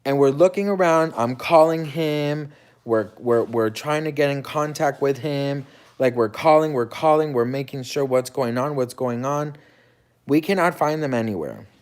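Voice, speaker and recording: A man's voice: mid-range voice, moderate pace, smooth. A man telling a dramatic personal story in casual chat, acting out quoted lines and swearing freely. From United States. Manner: animated, dramatic retelling with quoted dialogue and swearing. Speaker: host.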